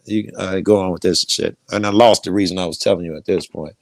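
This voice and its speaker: A man's voice: low voice, fairly even intonation, fast talker, vocal fry, no room sound. A middle-aged man telling a rambling personal story, profane and repeating himself. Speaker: guest storyteller.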